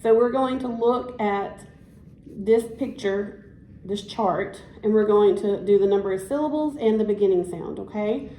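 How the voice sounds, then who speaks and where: A woman's voice: medium pitch, a little slow, warm tone, a little hiss or hum. A woman teacher giving a one-on-one science lesson, encouraging and praising as she prompts the student to repeat after her. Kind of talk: one-on-one classroom instruction. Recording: echoey room.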